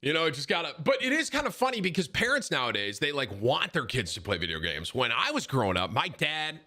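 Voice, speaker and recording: A man in his thirties talks casually on stream into a desk mic. He rambles with many restarts and laughs often. His voice is bright, with pitch that leaps around animatedly. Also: big pitch swings, fairly quick, few pauses. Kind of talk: casual chat.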